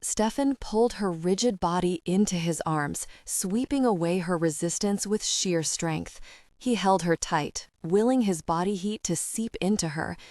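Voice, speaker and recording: A woman reading romance fiction aloud in a steady, measured audiobook narration. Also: lowish voice, no room sound, clean studio sound.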